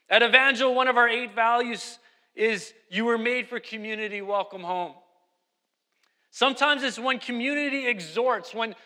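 A man's voice: very high voice, bright, forceful tone, in a large hall. A man preaching a sermon as pastor, emphatic and repeating key phrases.

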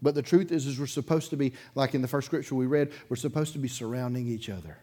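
Standing before the congregation in his church sanctuary, a male pastor delivers a sermon in a mid-range voice at a quick pace. He tells a story casually, chuckling between sentences and switching from loud bursts to hushed asides.

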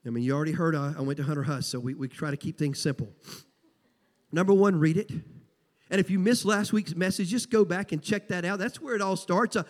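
A man with a Southern US accent preaching a sermon as pastor, folksy and emphatic, repeating key phrases. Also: sits high. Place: church sanctuary. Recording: long church hall reverb.

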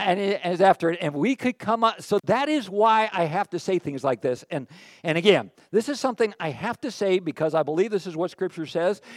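A man's voice: high voice, dry recording, clean studio sound. A man preaching a sermon as a pastor, folksy and conversational, with chatty asides to the congregation.

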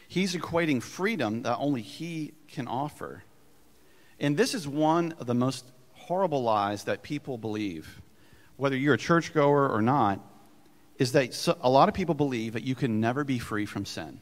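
A man's voice: medium pitch, animated, normal speed. A male pastor preaching a sermon, earnest and emphatic, with conversational asides. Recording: long reverb of a church hall.

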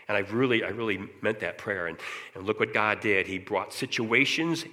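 A man giving an emotional personal recovery testimony, earnest and halting, repeating words when moved. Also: fairly low pitch, steady tone, sharp tone, in a large hall.

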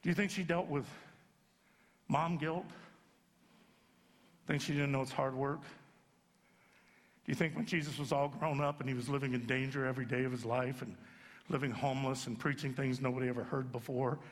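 A man pastor giving an animated, comic sermon in a church sanctuary. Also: medium pitch, normal speed, long pauses. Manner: animated storyteller, jumps into acted voices. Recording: long sanctuary reverb.

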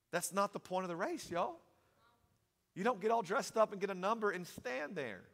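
A man preaching a sermon, moving from steady teaching to loud, emphatic preaching. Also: high voice, fast talker, long reverb tail.

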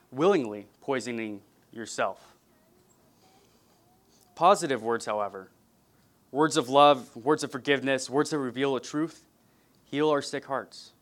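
A man from California preaching an earnest, measured sermon to his congregation, with a touch of light humor. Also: medium pitch. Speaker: pastor.

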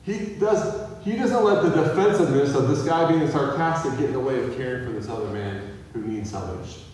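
A man's voice: medium pitch, a little fast, darkish tone, slight background noise. A man preaching a sermon as a pastor, talking casually and asking the listeners questions. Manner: conversational, asks the audience questions. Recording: echoey hall from far off.

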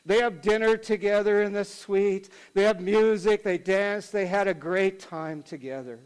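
A man with a high voice tells a sermon story. He keeps it conversational and animated, like a storyteller leaning into each turn of the tale. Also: measured pace, clear, resonant tone, rough recording. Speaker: pastor.

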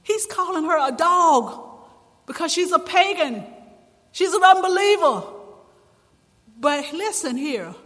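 A man preaching a sermon with passion, his voice climbing to shouts at times. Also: extremely high pitch, expressive, takes it slowly, long pauses. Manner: impassioned preaching, rising to shouts. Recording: long reverb in a large hall.

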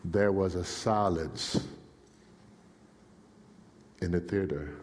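A male preacher telling a story in a dramatic sermon, swinging from hushed to shouting. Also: low voice, slow. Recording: long reverb in a large hall.

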